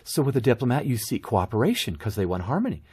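A middle-aged man with a husky, slightly breathy voice talks casually on a talk show. He tells family anecdotes with animated storytelling. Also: mid-range voice, fast talker. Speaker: guest parenting author.

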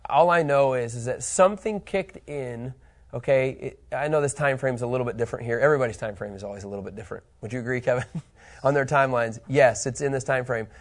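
Teaching a Bible study, a man reads scripture aloud with building intensity, animated and emphatic throughout. He talks fast in a mid-range voice.

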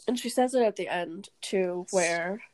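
A woman's voice: on the low side, measured pace, no echo. A young woman co-hosting a podcast, chatting casually about a movie, laughing often and acting out lines from scenes. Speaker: podcast co-host. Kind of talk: casual movie recap chat.

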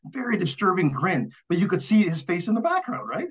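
A man casually telling work stories on a podcast, animated, acting out quoted voices and laughing often. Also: sits high, brisk. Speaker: storyteller guest.

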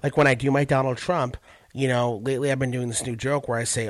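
A man's voice: medium pitch, little pitch movement, fast talker, no echo. A male stand-up comedian chatting casually and animatedly about his impressions. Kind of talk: casual podcast chat.

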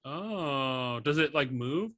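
Bright-voiced joking young man. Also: medium pitch, expressive, dry recording, studio quality. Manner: joking, rambling, quick to laugh. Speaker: podcast co-host. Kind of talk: casual chat among friends.

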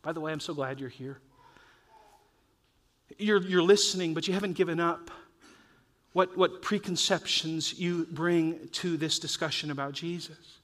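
Male pastor, high voice, earnest and urging, rises and drops between loud and soft. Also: unhurried, pauses often. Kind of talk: sermon.

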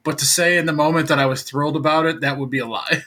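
Guy on a podcast rambling thru a story, bright sharp voice, kinda high. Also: steady tone, quick pace. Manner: rambling storyteller, many filler words. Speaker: podcast co-host. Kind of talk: casual chat.

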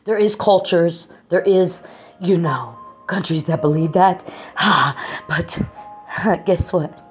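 A woman with a fairly low voice hosts a faith talk show, telling a story in a casual, chatty way. She grows animated and laughs as she goes. The audio is dull and lo-fi, with faint music behind her. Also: slow pace. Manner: animated, laughing storyteller, voice rising when excited.

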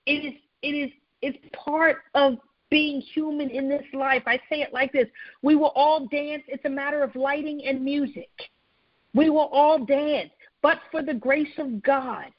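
High-voiced woman preaching earnestly. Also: steady tone, unhurried, no room sound. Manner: earnest, repeats phrases, frequent restarts. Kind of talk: sermon-style teaching. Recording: dull, lo-fi sound.

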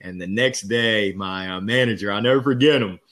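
A man with a fairly low voice tells his career story as a podcast guest. He is candid and upbeat, talking casually in a storytelling way. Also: a little fast, a bit bright. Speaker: podcast guest, sales leader.

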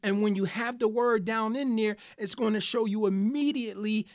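Excited podcast host teaching scripture. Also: medium pitch, moderate pace, no room sound, studio quality. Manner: earnest and excited, talking straight to listeners as "guys"; reads scripture aloud in King James wording, then explains it. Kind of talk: Bible study podcast talk.

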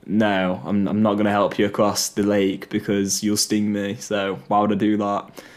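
A man's voice: on the low side, completely flat delivery, normal speed, lightly acted. Fable frog, male, distrustful and pleading, voiced by a man reading the tale. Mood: wary. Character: frightened, wary male frog.

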